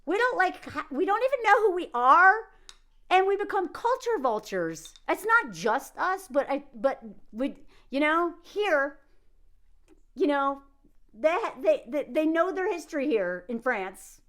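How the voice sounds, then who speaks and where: A woman from the United States giving casual, animated commentary, sarcastic and laughing often. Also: high-pitched, a little slow. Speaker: commentary vlogger.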